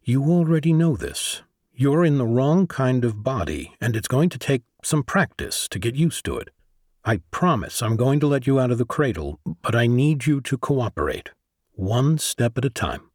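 Patient male commander, voiced by a man, calm reassuring tone, mid pitch, dry close sound. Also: moderate pace, no echo.

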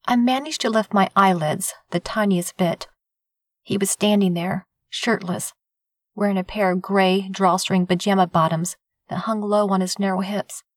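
A woman's voice: medium pitch, steady tone, moderate pace, dry recording, clean studio sound. A woman narrating a first-person romance audiobook in a wry, confiding way. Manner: wry, confiding; whines and croaks her own quoted lines.

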